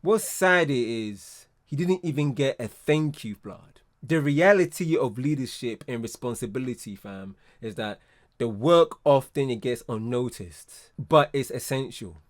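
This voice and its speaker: A man talks through a reaction video in relaxed slang, calling his listener blood and fam. His voice sits at an ordinary middle pitch. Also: unhurried. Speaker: commentary host. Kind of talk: casual reaction commentary.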